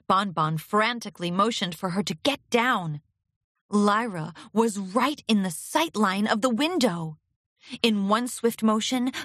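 A woman narrating a pony fan fiction story aloud in a steady, expressive storytelling manner. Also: medium pitch, no echo, studio quality.

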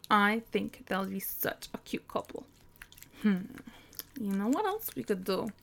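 A giggly, bossy young woman, played by a woman, in an audio role-play. She teases and scolds in mock disgust. Her speech is slow and her voice sits a little high. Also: gravelly. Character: teasing, bossy young woman on a phone call.

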